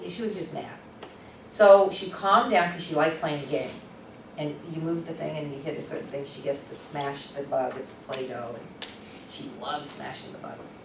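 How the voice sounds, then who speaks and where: Woman presenter, candid storyteller, lowish voice, far-off mic in a noisy room. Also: moderate pace, roomy sound. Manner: animated, conversational, candid. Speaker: workshop presenter. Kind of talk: storytelling teaching talk. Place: workshop room.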